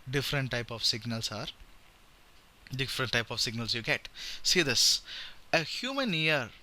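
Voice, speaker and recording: A man with an Indian English accent giving an informal engineering lesson, often checking in with "right?" and "okay?". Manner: animated, repeats with "right?" and "okay?", demonstrates high and low voice. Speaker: engineering lecturer. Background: guitar playing.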